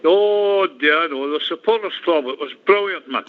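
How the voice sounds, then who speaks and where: A Scottish man in his sixties reminisces fondly on a call-in show, his voice a little high for a man. He comes through a thin, tinny phone line. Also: moderate pace. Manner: nostalgic, warm-hearted reminiscing. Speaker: caller. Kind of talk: casual call-in chat.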